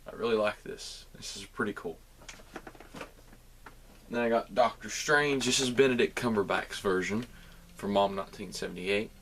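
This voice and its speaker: A man's voice: lowish voice, moderate pace, pauses often, fairly bright tone, a little hiss or hum. Chatty Southern young man vlogging. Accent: Southern American. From Southern United States. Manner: chatty, rambling, addresses viewers as guys. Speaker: collectibles vlogger. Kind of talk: casual toy haul video.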